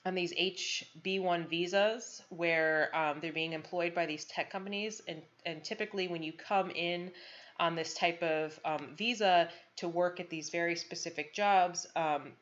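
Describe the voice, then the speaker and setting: A woman giving a college lecture, pausing often with frequent ums and restarts. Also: lowish voice, fairly even intonation, fairly bright tone. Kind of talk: recorded lecture. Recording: dull lo-fi lecture recording.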